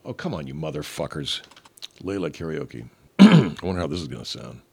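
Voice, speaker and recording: A middle-aged man hosting a podcast, rambling and profane, clearing his throat often. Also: rumbling low, very animated, a little fast. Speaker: podcast host. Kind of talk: casual comedic monologue.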